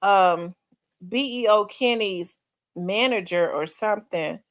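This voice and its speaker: A woman with a Memphis Southern accent, hosting a livestream in casual chat, rambling and repeating herself and quick to laugh while she reads viewer comments. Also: medium pitch, no room sound, studio quality. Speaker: livestream host.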